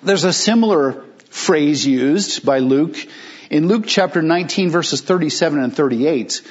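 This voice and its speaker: A fairly high, husky-voiced man preaches in a loose, conversational way, slipping into listeners' voices for quick asides. The recording is muffled and lo-fi. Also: lively intonation. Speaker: pastor. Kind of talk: sermon.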